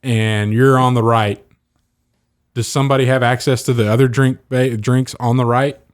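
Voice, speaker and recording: A man co-hosting a podcast, telling stories in a lively way and often breaking into laughter. His pitch is mid-range for a man. The sound is close and dry, with no room echo. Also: normal speed, clear, resonant tone. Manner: animated storyteller, laughs a lot. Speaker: podcast co-host. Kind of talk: casual chat.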